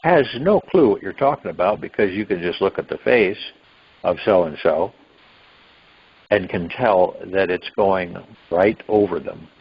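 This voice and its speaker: A man's voice: low-pitched, lively intonation, unhurried, slightly rough. A man hosting a spiritual meditation call, musing in a rambling way and now and then acting out what people might say. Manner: rambling, musing, with sudden rises into acted quotes. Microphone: phone line. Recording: dull lo-fi phone call audio.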